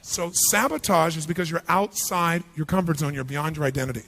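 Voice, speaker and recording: A man giving a live motivational seminar, energetic and punchy, constantly quizzing the audience with questions. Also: on the high side, brisk, creaky. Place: large seminar hall with thousands present.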